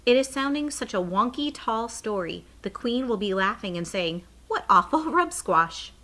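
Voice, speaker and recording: A woman voicing a gentle, stubborn old male giant in a read-aloud children's story, speaking with folksy, jumbled grammar. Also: mid-range voice, moderate pace, pitched above the performer's own voice, lightly acted.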